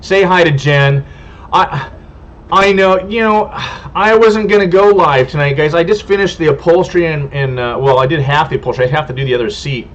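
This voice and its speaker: On his homestead livestream, a Californian man rambles amiably through viewer comments, tripping over their names. He talks a little fast with a slightly high, fairly bright voice, and the stream audio sounds dull and lo-fi.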